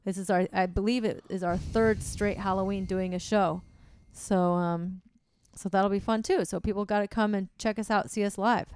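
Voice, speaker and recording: A woman's voice: medium pitch, steady tone, normal speed, hardly any pauses, darkish tone, clean tone, no room sound. A woman comedian chatting casually, rambling with fillers about shows she is promoting. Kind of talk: casual chat.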